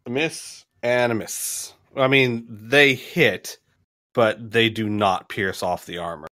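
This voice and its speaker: A man's voice: fairly low pitch, slow, no echo, clean studio sound. A man narrating combat as game master of a tabletop game, rambling and laughing as he counts out damage. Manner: rambling, laughs between lines, counts out loud.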